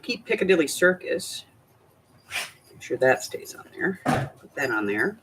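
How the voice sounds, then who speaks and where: An older woman talks her way through a craft project step by step, in a relaxed, chatty tutorial manner. Her pitch moves around a lot as she goes. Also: measured pace, slight background noise, poor audio. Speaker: craft channel host.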